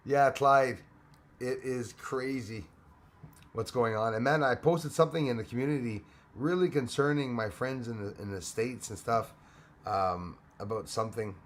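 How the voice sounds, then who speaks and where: Guy hosting a late livestream, rambling, shouting out viewers by name, mid pitch. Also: normal speed. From Canada. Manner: rambling, greets viewers by name, frequent restarts. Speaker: live stream host. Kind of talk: casual live chat greeting viewers.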